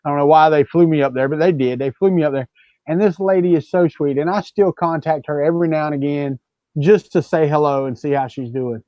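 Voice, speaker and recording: Guy joking around on a stream, kinda higher voice, dry muffled audio. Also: fairly even intonation, brisk, no room sound. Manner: joking, storytelling with repeated restarts. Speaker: livestream co-host. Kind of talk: casual chat.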